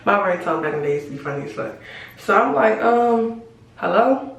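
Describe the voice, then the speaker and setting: A woman tells a storytime straight to camera, loose and animated, full of slang and cussing. She talks from some distance away from the microphone, and the room around her rings with heavy echo. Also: medium pitch, a little fast, creaky. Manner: animated, slangy and profane, addresses viewers as y'all. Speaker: storytime vlogger. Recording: very echoey room, voice away from mic.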